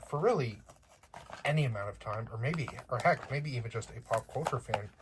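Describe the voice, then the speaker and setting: A chatty unboxing vlogger with a slight accent speaks in a mid-range voice over a little hiss or hum. The casual unboxing chat is playful, aimed at viewers, and sprinkled with jokes.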